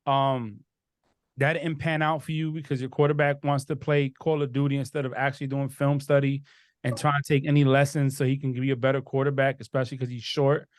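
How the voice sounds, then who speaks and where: A man hosting a casual sports podcast, giving blunt, animated opinions. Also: medium pitch, a little fast, no echo, clean studio sound. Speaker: podcast host.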